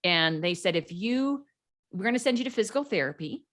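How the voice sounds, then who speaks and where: A woman's voice: mid-range voice, animated, fairly quick, a bit bright. A middle-aged woman, a podcast guest, telling her story in a casual interview and acting out the people she quotes.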